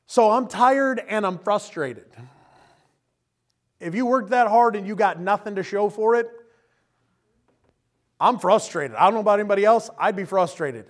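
A man's voice: high voice, lively intonation, normal speed, long pauses. A man preaching a sermon in a casual, conversational way, often chuckling and acting out the people he quotes. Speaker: pastor.

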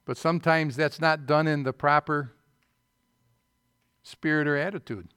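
A middle-aged man preaching a sermon as pastor, swinging from loud emphatic bursts to quieter asides and light teasing. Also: fairly high pitch, fairly even intonation, measured pace, clear, resonant tone, no room sound, studio quality.

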